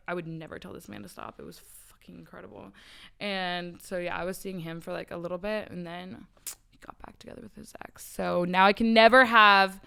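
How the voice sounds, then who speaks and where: A woman's voice: lowish voice, vocal fry, a bit bright, clear, resonant tone. Candid, profane woman telling stories. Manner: candid, profane storytelling with many "like" fillers. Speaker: podcast guest. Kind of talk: casual chat.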